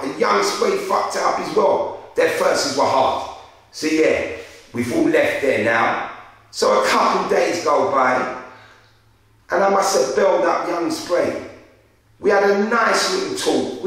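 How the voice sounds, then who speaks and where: Young London man, interviewer, animated street storyteller; bright voice, heard from a distance. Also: fairly high pitch. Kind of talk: casual storytelling. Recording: very echoey room, far from mic.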